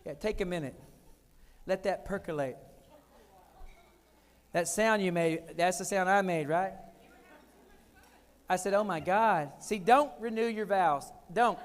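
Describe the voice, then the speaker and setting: A man in his forties giving a keynote talk, telling comic, animated stories with sudden loud punchlines. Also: sits high, a little slow, pauses often. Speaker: keynote speaker. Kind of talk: storytelling keynote speech. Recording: long hall reverb.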